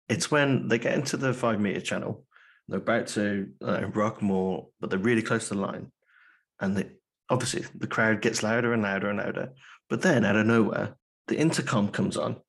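A man's voice: lowish voice, creaky, slightly rough. A man co-hosting a casual rugby podcast, dry and exasperated in his remarks. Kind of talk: casual chat.

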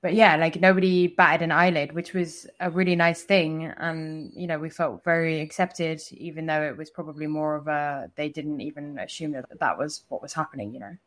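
A woman with a somewhat low voice chats casually as a podcast co-host, telling a story. She swears freely and scatters "like" through her sentences. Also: fairly even intonation, normal speed, hardly any pauses. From foreigner living in India. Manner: chatty, with frequent swearing and many "like" fillers.

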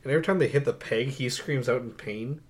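Young guy cohosting a movie podcast, mid pitch, animated, kinda baffled by everything. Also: fast. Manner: animated, incredulous, laughing storyteller. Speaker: podcast co-host. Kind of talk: casual movie review chat.

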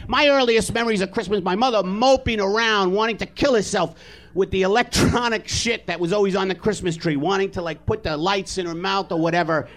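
A man tears into a stand-up rant. His voice sits very high and sounds forceful and sharp. He is loud, profane and exasperated throughout. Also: a little fast. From New York. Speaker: comedian guest. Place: live comedy theater stage.

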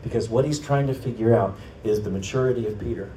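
A male pastor preaching a sermon as a story, rising to loud emphatic peaks and then dropping to a low hush. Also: quick pace, far from the mic, slight background noise. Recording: echoey room, voice off-mic.

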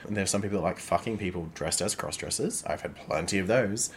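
A man's voice: low-pitched, a little fast, a little hiss or hum. A young Australian man co-hosting a podcast, chatting frankly with many "like" fillers. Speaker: podcast co-host. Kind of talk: casual chat.

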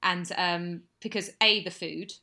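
A woman's voice: lowish voice, steady tone, a little slow, bright, forceful tone. A woman in her thirties co-hosting a casual chat, wry and self-deprecating. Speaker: podcast co-host.

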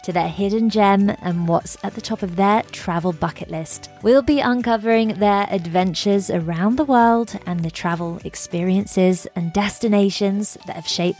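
A woman's voice: lowish voice, darkish tone. A woman hosting a travel podcast, chatting enthusiastically about her trips with gushing asides and fillers. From England. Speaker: podcast host.

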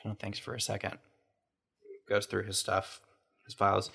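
Bright-voiced man running a tabletop game. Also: lowish voice, completely flat delivery, moderate pace, vocal fry, husky. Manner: describes scenes and voices NPCs in near his own voice. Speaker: game master.

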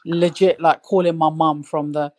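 A young woman from East London with a London accent, a comedian guest chatting casually on a podcast and telling stories with animated delivery. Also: low-pitched, normal speed. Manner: chatty, animated storytelling with laughs.

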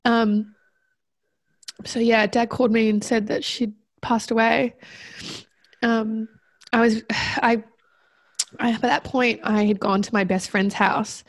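A woman guest recounting a personal story in conversation, reflective and halting, with many fillers and restarts. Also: fairly high pitch, little pitch movement, no echo.

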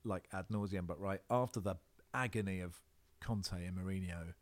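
Casual interview chat comes from a football presenter at his home in Australia, his voice sitting low at normal speed. He's rambling and animated, restarting frequently and leaning on fillers.

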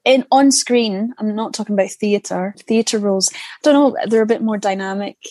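A woman's voice: medium pitch, moderate pace, darkish tone, no room sound. A young Scottish woman with a Scottish accent, an actor chatting as a guest in a casual interview, rambling with many restarts and fillers. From Scotland. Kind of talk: casual interview over a call.

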